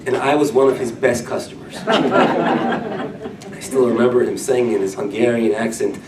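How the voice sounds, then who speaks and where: A middle-aged man preaches a Torah class, his voice swinging from loud emphasis to hushed storytelling. He sounds set back from the mic in a roomy, echoing hall. A faint murmur of room noise sits underneath. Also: mid-range voice, normal speed. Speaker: rabbi. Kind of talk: sermon-style Torah class. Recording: echoey room, mic at a distance.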